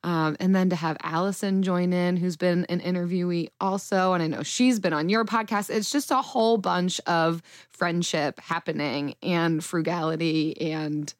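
A chatty, enthusiastic woman hosts a casual podcast interview, her voice sitting a little low. She is recorded dry over a remote video call, with no room sound around her. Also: fairly even intonation, normal speed, few pauses, no room sound. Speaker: podcast host.

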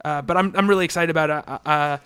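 Man, podcast host, casual chat, eager, restless, frequent restarts, slightly high voice. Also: fast, pushed and bright, smooth.

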